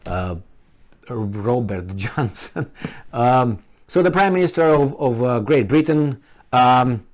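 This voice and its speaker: Sarcastic man rambling with lively pitch. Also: slow. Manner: sarcastic, mocking, digressive. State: a little tipsy from wine. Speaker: political vlogger. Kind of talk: casual rambling commentary.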